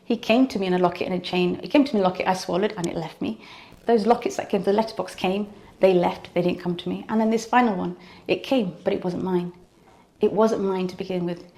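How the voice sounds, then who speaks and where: Earnest woman, mellow low voice. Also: steady tone, quick pace. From United Kingdom. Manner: earnest, repeats phrases for emphasis. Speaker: devotee giving testimony. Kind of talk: personal devotional testimony.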